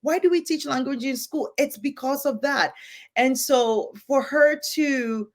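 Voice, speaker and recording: A woman who moved to the United States, talking fast and with emphasis in a candid conversation, acting out what people say to her. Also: high voice. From immigrant to the United States. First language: English. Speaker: podcast co-host.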